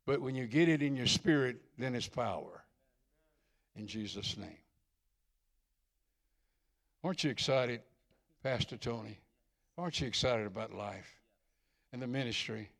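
A man's voice: mid-range voice, measured pace, vocal fry, pauses often, a bit bright. An older man preaching a sermon in church, folksy and earnest, repeating phrases for emphasis as he ministers to people. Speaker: visiting preacher.

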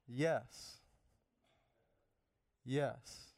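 A man preaching a sermon, animated, swinging from loud emphatic bursts down to quiet asides. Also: on the high side, unhurried, clear, resonant tone, dry recording, clean studio sound. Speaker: pastor.

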